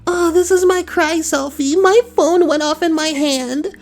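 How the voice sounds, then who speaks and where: A man doing a whiny, needy young woman's falsetto. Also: measured pace. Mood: mock-sad whiny. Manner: fake-sad, self-pitying, needy. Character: whiny attention-seeking young woman fishing for sympathy online.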